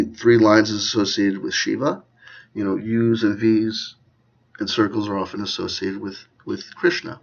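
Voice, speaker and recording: Man, low voice, rambling solo commentary, self-mocking, loud-then-hushed delivery, muffled lo-fi sound. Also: husky. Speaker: channel host.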